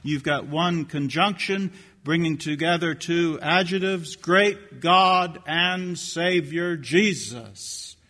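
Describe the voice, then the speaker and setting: Older man, sermon, slow deliberate delivery, high-ish voice, dramatic loud and soft swings. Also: in a large hall. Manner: dramatic swings between hushed and shouting. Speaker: preacher.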